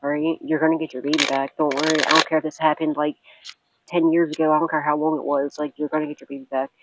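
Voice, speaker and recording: A woman's voice: low voice, level tone, quick pace, no room sound, low-quality recording. A woman speaks straight to her viewers as a tarot reader, talking through a reading in a blunt, unfiltered way. She swears freely and laughs often. She also circles back again and again to comfort the listener. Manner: blunt and profane, with frequent laughs and repeated reassurances.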